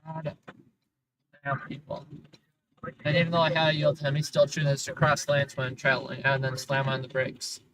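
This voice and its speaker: A man with a slightly high voice talks to his livestream viewers from the driver's seat, keeping up a chatty, sarcastic running commentary. He grumbles at other drivers and jokes dryly. A faint hum of street noise sits behind him. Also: completely flat delivery, brisk, hardly any pauses. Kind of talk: casual livestream commentary while driving. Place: inside a car on city streets.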